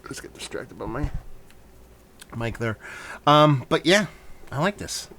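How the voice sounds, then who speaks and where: A man's voice: mid-range voice, lively intonation, unhurried, fairly bright tone, a little hiss or hum. A man casually reviewing a hazy beer on his vlog, talking loosely with rambling asides and frequent swearing.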